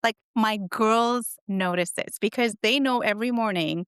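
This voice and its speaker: A woman's voice: a little high, moderate pace, a bit bright, smooth, dry recording, clean studio sound. A middle-aged woman, a guest author, telling stories in an earnest, reflective way during an interview. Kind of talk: conversational interview.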